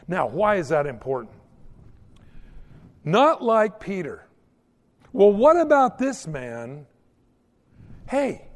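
A man preaching a sermon as a pastor, telling stories in a folksy, animated way. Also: sits high, in a large hall. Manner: animated, folksy storytelling with mock old-English prayers.

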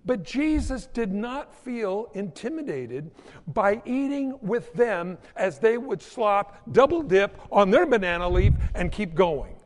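A man's voice: sits high, big pitch swings, slow, big-room sound. A man preaching a sermon, telling stories with quoted voices and asides. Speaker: pastor.

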